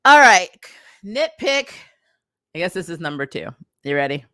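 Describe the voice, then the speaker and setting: A woman casually reviewing a TV episode, animated and exasperated, laughing between her points. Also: on the low side, normal speed, no echo, studio quality. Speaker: TV review vlogger.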